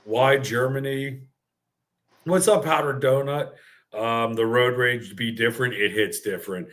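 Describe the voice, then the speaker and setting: A man in his forties hosting a casual livestream chat, telling stories in a profane, animated way. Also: medium pitch, measured pace. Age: 40s. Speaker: podcast host.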